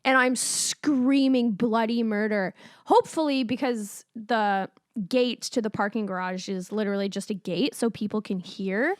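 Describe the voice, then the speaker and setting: A young woman co-hosting a podcast, telling a story in casual chat, animated, laughing often and swearing freely. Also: on the high side, measured pace, no room sound, clean studio sound. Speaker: podcast co-host.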